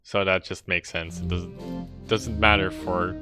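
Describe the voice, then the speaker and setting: A man with a fairly low voice talks through a puzzle game as he plays, musing aloud and often correcting himself mid-thought. The game's music plays clearly behind him. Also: level tone, unhurried. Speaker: streamer. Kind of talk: casual gameplay commentary.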